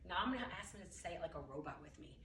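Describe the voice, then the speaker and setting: A woman's voice: on the low side, lively intonation, racing, fairly bright tone. A woman instructor walks teachers through an early-reading lesson step by step, over-enunciating each sound when she models the drills. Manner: clear step-by-step explanations. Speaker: literacy instructor. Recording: roomy distant audio with ambient noise.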